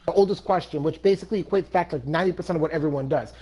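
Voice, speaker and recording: A man in casual chat who slips into a reflective, lecturing tone and leans on old sayings. His voice sits a little high for a man. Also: racing, warm tone.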